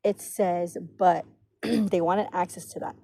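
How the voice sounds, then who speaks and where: A woman's voice: fairly low pitch, fairly even intonation, takes it slowly, creaky, dark tone, poor audio. A woman giving an intuitive card reading in a rambling, casual way, swearing freely and laughing often. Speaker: intuitive reader. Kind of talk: casual spiritual reading monologue.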